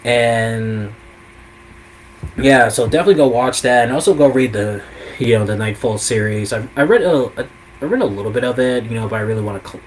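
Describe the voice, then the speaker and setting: A man's voice: medium pitch, slight background noise, rough recording. A man hosting a casual live show, counting down a list and talking with many fillers and small laughs. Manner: rambling, lots of fillers, chuckles often. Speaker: host. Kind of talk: casual ranking chat about comics.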